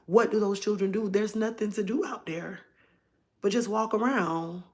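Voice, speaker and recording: A woman's voice: medium pitch, moderate pace, darkish tone. A woman chatting casually on a phone livestream, rambling and talking straight to her viewers. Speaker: livestream host.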